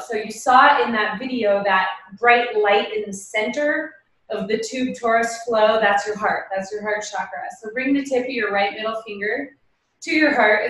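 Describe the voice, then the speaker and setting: Animated woman teaching meditation, echoey room. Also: a little high. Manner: animated and emphatic, with many rhetorical questions. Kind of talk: casual spoken talk before a guided meditation.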